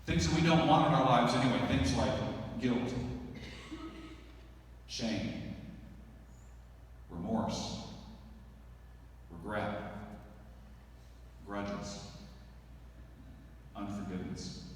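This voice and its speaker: A middle-aged man delivering a eulogy for his father, speaking slowly and reflectively with long pauses. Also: mid-range voice, recorded from a distance, a little hiss or hum. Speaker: son giving a eulogy. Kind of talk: eulogy speech. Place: large church sanctuary. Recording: echoey church hall, heard from afar.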